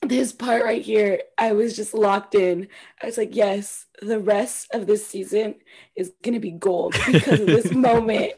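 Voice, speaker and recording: A woman co-hosting a casual chat about reality TV, excitable and laughing often, with a slightly husky voice. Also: medium pitch, a little slow, noisy background. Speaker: podcast co-host.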